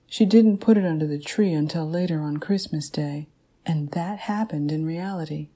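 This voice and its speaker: A woman's voice: deep voice, moderate pace, warm tone. A woman reading aloud the words of a grown woman recounting a childhood dream, in a plain storytelling manner.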